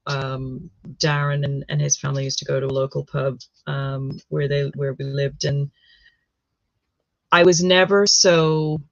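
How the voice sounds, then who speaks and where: A woman from the United States with an American accent, chatting casually with many pauses and restarts. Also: low voice, creaky, no room sound, lo-fi sound. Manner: hesitant, many ums and restarts. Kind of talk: casual chat.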